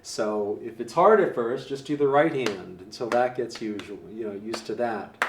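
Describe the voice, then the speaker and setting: A man teaching jazz piano in a relaxed, casual way, counting beats aloud and scatting rhythms. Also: mid-range voice, normal speed. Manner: easygoing, counts beats aloud and scat-sings syllables. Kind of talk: casual spoken instruction. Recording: roomy, distant mic, faint hiss.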